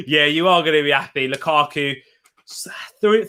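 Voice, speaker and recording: A man's voice: a little high, normal speed, a bit bright. A young man hosting a live football watch-along from a home setup, chatting upbeat with his viewers and laughing often.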